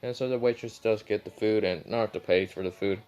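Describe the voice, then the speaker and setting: A man's voice: fairly low pitch, steady tone, fairly quick, darkish tone, clear, resonant tone, lo-fi sound. A man casually retelling his own fan-fiction story, rambling with many fillers and side remarks.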